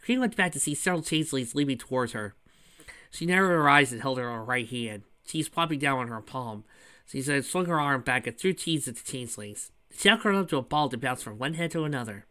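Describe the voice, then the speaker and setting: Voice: medium pitch, expressive, brisk, pushed and bright. A fan reader narrating a fan story and adding chatty asides. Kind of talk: reading fan fiction with commentary.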